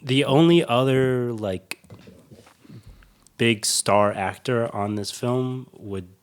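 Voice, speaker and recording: A man's voice: medium pitch, slow pace, smooth. A young man co-hosting a podcast, chatting casually about a film and giving his opinions. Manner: opinionated, talks over partner, frequent "in my opinion". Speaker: podcast co-host. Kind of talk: casual film review chat.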